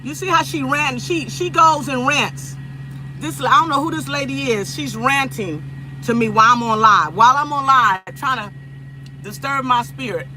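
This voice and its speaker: A woman's voice: high voice, normal speed, pushed and bright, a little hiss or hum, poor audio. A woman from Los Angeles chatting casually with viewers on a phone livestream, repeating herself and laughing often. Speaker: livestream host.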